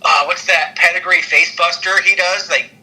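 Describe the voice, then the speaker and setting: A man co-hosting a podcast, rambling excitedly through a wrestling recap with lots of fillers and laughter. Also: sits high, normal speed, poor audio. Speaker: podcast co-host. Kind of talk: casual wrestling recap chat.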